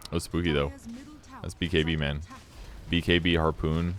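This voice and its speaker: A man giving casual replay commentary on his own game, relaxed and self-critical as he explains his choices. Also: very deep voice, moderate pace, soft background music.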